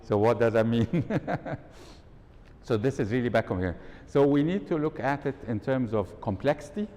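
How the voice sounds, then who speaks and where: Expressive and dark-toned, a man speaks at a moderate pace while giving a live workshop in an event hall, quizzing the audience and acting out tones of voice. Long hall reverb and a faint rumble are present.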